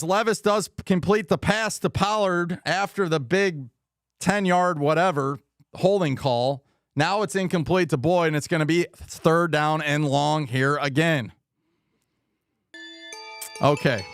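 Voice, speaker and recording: A man's voice: on the high side, clear, resonant tone, dry recording, studio quality. A man hosting a live football watch party stream, giving rambling, frustrated commentary on plays and reading viewer comments aloud. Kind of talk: live game commentary and chat.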